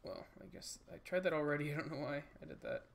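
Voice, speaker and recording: A man's voice: on the high side, fast talker, vocal fry, a little hiss or hum. A man giving casual let's-play commentary, joking and rambling and talking to the enemies on screen. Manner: jokey, rambling, talks to game enemies. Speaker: gaming channel host.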